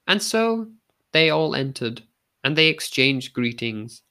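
A man giving a scripted narration of a folk tale in a measured, unhurried reading. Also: medium pitch, big pitch swings, gravelly, sharp tone. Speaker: storyteller.

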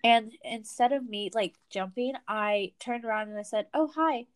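A young woman co-hosting a casual podcast tells stories in a rambling, filler-heavy way. Her voice sits in a middle pitch, recorded close and dry with no room sound. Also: steady tone, normal speed, smooth, no echo. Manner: chatty storyteller, lots of fillers. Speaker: podcast co-host. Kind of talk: casual chat.

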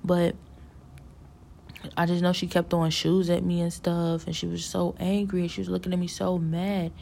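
A woman's voice: on the low side, little pitch movement, normal speed, gravelly, a little mellow. A woman telling a long, rambling story about a vision, musing earnestly about God and the devil with many fillers and restarts.

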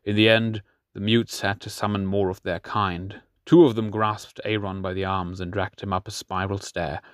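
Lowish-voiced man narrating an audiobook. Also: level tone, moderate pace, dry recording, studio quality.

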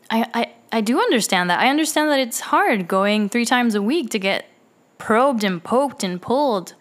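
Woman telling clinic stories in a rambling, filler-heavy way, mid pitch. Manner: rambling, with frequent fillers and restarts. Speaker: dialysis clinic staff member. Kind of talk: casual personal storytelling.

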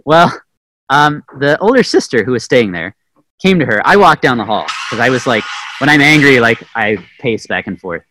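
A man teaching a Bible lesson through a personal story, animated and self-mocking with plenty of fillers. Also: medium pitch, normal speed, slight background noise, poor audio. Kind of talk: storytelling sermon.

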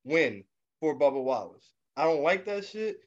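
A man with a fairly high voice on a casual sports podcast. He talks bluntly and speaks his mind. The recording is slightly muffled. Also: sing-song, moderate pace, crowd noise. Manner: blunt, opinionated. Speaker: podcast co-host.

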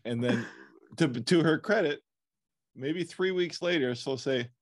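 A man's voice: a little high, measured pace, no echo. A man co-hosting a podcast, chatting in an easygoing, hesitant way that trails off in short phrases. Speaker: podcast co-host. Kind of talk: casual podcast chat.

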